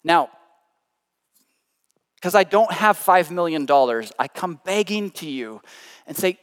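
A man with a high voice preaches a sermon, telling an everyday story with animated energy. He swings between loud emphasis and hushed, quiet phrases. His voice carries the long reverb of a large hall. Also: measured pace, long pauses. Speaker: pastor.

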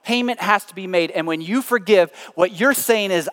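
Animated male preacher in a big hall. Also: high voice, normal speed, few pauses. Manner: animated storytelling, swinging from loud to hushed. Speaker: pastor. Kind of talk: sermon.

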